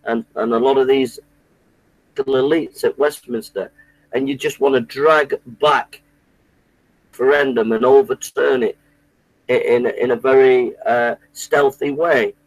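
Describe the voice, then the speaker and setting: A man's voice: medium pitch, fairly even intonation, unhurried, no echo, low-quality recording. A man delivering an indignant, repetitive political rant, often restarting his sentences. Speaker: political commentator. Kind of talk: impassioned monologue to camera.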